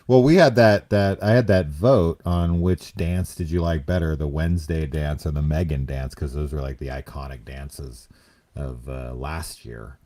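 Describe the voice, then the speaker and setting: A man appearing as a guest reviewer on a casual chat show, talking in a laid-back way and trailing off quietly. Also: rumbling low, normal speed.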